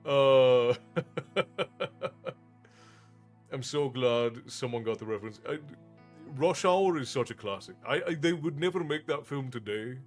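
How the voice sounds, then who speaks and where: A middle-aged man from Newfoundland with a mostly American-sounding accent and faint Newfoundland traces, chatting with his live chat and pausing often to think. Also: mid-range voice. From Newfoundland, Canada. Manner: pauses to think, frequent restarts. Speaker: streamer.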